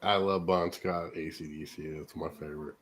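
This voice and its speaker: A man from California hosting a radio show, introducing bands in a relaxed, chuckling, loosely profane way. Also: low-pitched, normal speed, slightly rough. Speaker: radio host. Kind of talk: casual radio chat.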